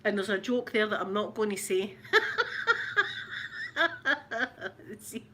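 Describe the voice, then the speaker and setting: A woman's voice: medium pitch, expressive, slow pace, long pauses, bright, forceful tone, slight background noise. A middle-aged Scottish woman hosting a livestream, chatting in a rambling way and greeting viewers by name. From Scotland. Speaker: ASMR livestream host. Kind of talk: casual livestream chat.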